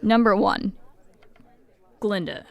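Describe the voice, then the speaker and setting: A woman's voice: mid-range voice, slow, creaky, highs cut off. A woman playing a tabletop game, asking polite, practical questions in casual talk. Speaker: player. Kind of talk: casual tabletop role-play.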